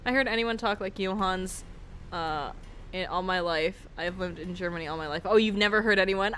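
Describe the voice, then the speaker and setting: A woman's voice: lowish voice, a little fast, a bit bright, a little hiss or hum. A woman streaming as a VTuber, reading game narration and chatting with viewers in a giggly, playful way. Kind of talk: game playthrough with narration and chat.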